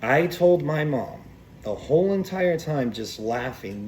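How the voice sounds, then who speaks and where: A man's voice: a little high, expressive, a little slow, a little mellow, slight background noise. A man telling a rambling, profane story to camera, laughing between lines. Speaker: vlogger. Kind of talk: casual storytelling vlog.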